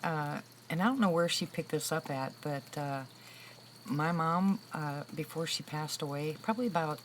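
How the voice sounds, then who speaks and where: An older woman in her sixties with a notably low voice, chatting casually with her livestream viewers. She tells stories in a relaxed, talkative way and laughs often. A faint hiss of background noise sits under her voice. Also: low-quality recording. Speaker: livestream host. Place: room with a loud air conditioner.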